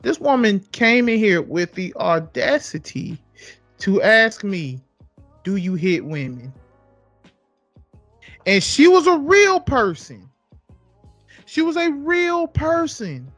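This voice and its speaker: A young man co-hosting a podcast, telling stories in a casual, animated way, swearing freely and repeating himself for emphasis. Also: very high-pitched, slow, no echo, soft background music. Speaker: podcast co-host. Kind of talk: casual storytelling chat.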